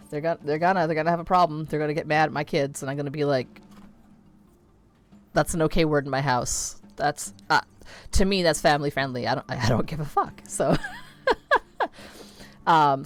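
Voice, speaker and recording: A woman in her thirties chatting casually while playing a video game, rambling with lots of fillers and easy swearing. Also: low-pitched. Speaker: streamer.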